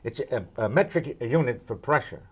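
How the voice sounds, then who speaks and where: A man's voice: medium pitch, lively intonation, fairly quick, husky. An older man answering weather questions in a joking, rambling way, full of puns and asides. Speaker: weather expert guest.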